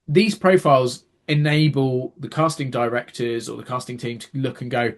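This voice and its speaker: A man's voice: mid-range voice, moderate pace. A man, a podcast co-host who works as an actor, explaining at length in casual chat. He often restarts words and acts out quoted reactions.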